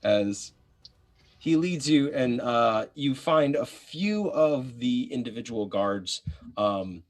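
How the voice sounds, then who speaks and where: A man running a live tabletop role-playing game as game master, narrating scenes in a casual, loose way. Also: mid-range voice. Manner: casual, swears, voices characters.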